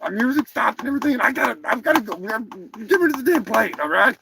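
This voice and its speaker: A man's voice: very high-pitched, animated, fast talker, gravelly, background noise, voice pushed up, heavily acted. A man voicing a furious, overcooked male turkey who acts as a bodyguard, ranting profane, boastful threats. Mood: pissed off.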